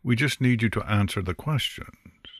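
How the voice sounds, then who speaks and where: A man voicing a male angel prosecutor who questions a witness in a measured way. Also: fairly low pitch, no echo, clean studio sound, pitched above the performer's own voice, lightly acted. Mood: probing.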